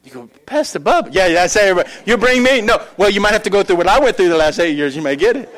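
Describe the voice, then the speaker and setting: A middle-aged pastor preaches with a voice pitched a little above most men's. He tells stories with lively swings in loudness, then drops low and earnest to press his point home. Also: racing. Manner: animated storytelling that shifts between loud excitement and quiet earnest emphasis. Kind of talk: sermon.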